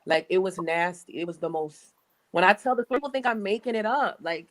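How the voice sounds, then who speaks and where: A woman's voice: lowish voice, lively intonation, a little fast, poor audio. A young American woman telling stories in a blunt, profane, casual way. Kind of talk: casual chat.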